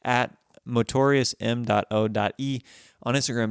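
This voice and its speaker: A male podcast host is chatting easily with his guest, laughing and restarting his sentences. His voice is smooth and clear. The recording is dry. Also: mid-range voice, fairly even intonation, normal speed, no room sound. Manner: laughs often, stammering restarts. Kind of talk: casual podcast chat.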